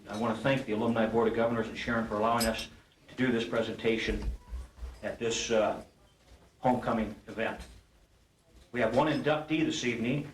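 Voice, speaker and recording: A man of middle pitch reads a formal award introduction from his notes and stumbles over it now and then. He is heard from far off in an echoey banquet hall. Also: slight background noise. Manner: formal, stumbles while reading. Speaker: presenter at award ceremony. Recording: roomy hall recording from a distance.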